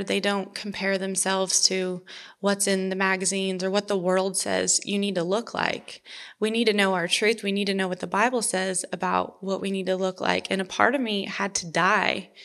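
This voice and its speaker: A woman giving an earnest personal faith testimony, halting and restarting as she talks. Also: mid-range voice, gravelly, a bit bright.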